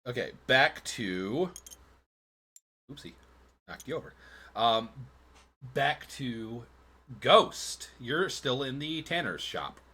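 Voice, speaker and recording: A man's voice: mid-range voice, very animated, slow, long pauses, sharp tone, breathy edge. A man narrating a tabletop game as game master, in a loose, rambling way with many fillers.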